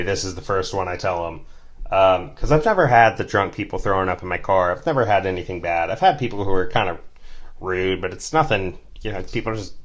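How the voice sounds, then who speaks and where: A young man hosting a storytelling podcast, telling a tale in a chatty, animated way with many fillers. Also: low voice. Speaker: podcast host, rideshare driver.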